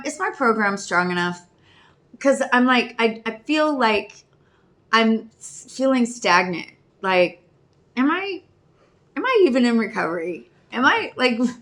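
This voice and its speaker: A woman's voice: a little high, a bit bright. A woman in her fifties talking candidly in a personal vlog, rambling and questioning herself as she searches for words. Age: 50s. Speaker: video diarist in addiction recovery.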